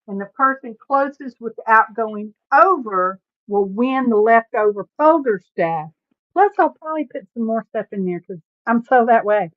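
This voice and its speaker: A woman hosting a casual crafting livestream, chatty and folksy and quick to laugh. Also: on the high side, no room sound. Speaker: livestream host. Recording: tinny phone-like sound, dry.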